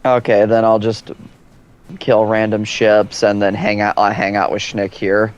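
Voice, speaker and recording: A man's voice: fairly low pitch, monotone, measured pace, smooth, muffled recording. A man chatting with friends while gaming, teasing and easygoing. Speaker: gamer in a co-op group. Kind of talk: casual gaming voice chat.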